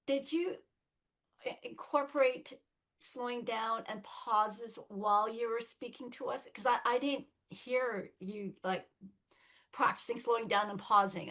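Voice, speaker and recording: A woman's voice: a little high, a bit bright. A woman in an online class asking a question hesitantly, with fillers. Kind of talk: casual question. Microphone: video call.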